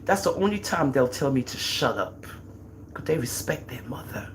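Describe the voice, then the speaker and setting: Speaking at a normal speed in an extremely low-pitched voice, this livestream host is a middle-aged woman with a Jamaican accent. She's lively and playful, teasing and boasting about her kids, while slight background noise sits under the audio.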